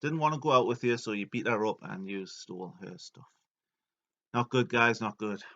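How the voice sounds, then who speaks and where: A man's voice: fairly low pitch, normal speed, vocal fry, bright, forceful tone, muffled recording. A man telling a comedic story, joking along and putting on silly voices for the people he quotes. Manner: jokey, puts on silly voices for quoted characters. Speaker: video narrator.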